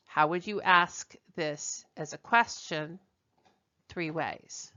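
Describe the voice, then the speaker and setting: A woman's voice: sits low, slow pace, pushed and bright. A woman teacher giving a language lesson, explaining step by step and translating each example. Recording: dull lo-fi recording.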